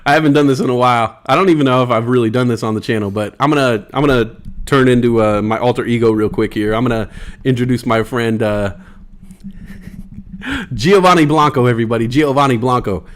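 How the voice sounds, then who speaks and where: A man's voice: mid-range voice, fairly quick. A man hosting a casual livestream in a laid-back way, reading chat aloud and laughing easily. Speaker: livestream host.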